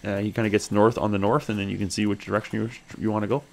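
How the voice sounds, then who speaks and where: A man hosting a let's play, chatting as he plays, thinking aloud and talking to his character, with sudden excited high exclamations. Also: very fast, vocal fry. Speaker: gaming channel host.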